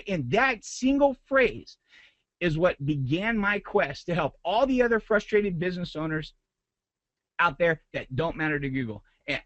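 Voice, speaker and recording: A man's voice: sits high, fairly bright tone, dry recording, lo-fi sound. A man, a business owner, giving a motivational talk to a group, retelling a frustrating story with rising intensity.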